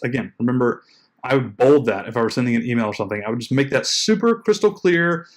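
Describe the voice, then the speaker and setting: A man's voice: mid-range voice, expressive, fast talker. A man coaching bloggers in a loose, conversational way, with lots of likes and uhs, playing out the emails he quotes. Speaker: blogging coach and podcast host. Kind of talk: casual tutorial talk.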